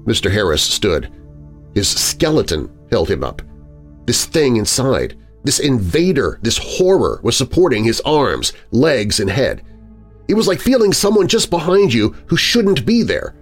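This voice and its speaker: A man narrating a story in a dramatic audiobook style, expressive and lingering on vivid words, with faint music underneath. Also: mid-range voice, a little slow.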